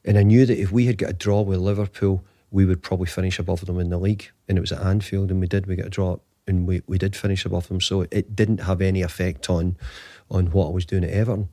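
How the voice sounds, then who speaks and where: A man's voice: sits low, fast, dry recording, clean studio sound. A man in his fifties, a football manager guest, telling a long anecdote with lots of restarts and acted-out dialogue. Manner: animated anecdotes, acts out quoted dialogue, frequent restarts. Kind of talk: conversational storytelling.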